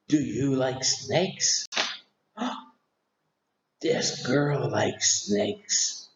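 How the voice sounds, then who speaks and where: Slow, animated man teaching children. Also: medium pitch, vocal fry, reverberant, highs cut off. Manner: slow, exaggerated, animated questions to young children. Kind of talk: children's lesson.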